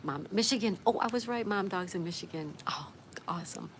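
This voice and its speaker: A woman's voice: medium pitch, brisk. A woman hosting a casual livestream, reading viewer comments aloud and greeting each viewer by name in a friendly way. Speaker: livestream host. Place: outdoors. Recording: steady outdoor background noise.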